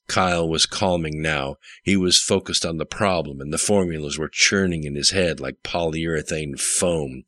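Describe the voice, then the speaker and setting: A man narrates an audiobook with a very deep, low voice that still sounds bright and forceful. His delivery is steady and matter-of-fact. The recording is dry and close. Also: moderate pace, few pauses, no echo. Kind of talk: scripted narration.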